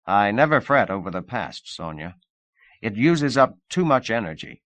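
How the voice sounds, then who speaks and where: A smooth, confident male agent talks in a brisk, persuasive way, as a man reads him. His voice is fairly low and dry, with no room around it. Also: big pitch swings, a bit bright, no room sound. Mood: easy. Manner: brisk, assured, coaxing.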